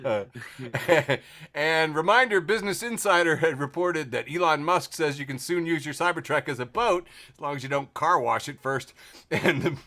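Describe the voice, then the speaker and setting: A man's voice: on the high side, moderate pace. A man hosting a podcast, reading memes aloud in casual chat and laughing often. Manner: laughs often, animated describing. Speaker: podcast host.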